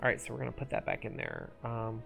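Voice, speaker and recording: Streamer, casual play-along chatter, thinks out loud, mumbles sometimes, lively pitch, faint game music under. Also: fast talker, creaky. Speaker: gaming streamer. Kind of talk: casual live-stream commentary.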